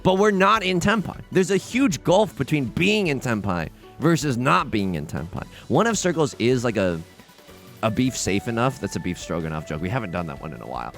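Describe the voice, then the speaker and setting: Animated man joking through a game. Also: mid-range voice, creaky, faint music behind. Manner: animated, joking, quick restarts and self-mocking asides. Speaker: let's play host. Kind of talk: casual gameplay commentary.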